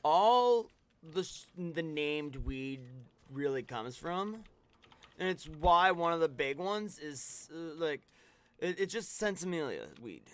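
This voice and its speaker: A man's voice: on the high side, animated, takes it slowly, clear, resonant tone. A man streaming a video game, chatting casually and rambling with many restarts and fillers. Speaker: streamer co-host. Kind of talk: casual chat while gaming.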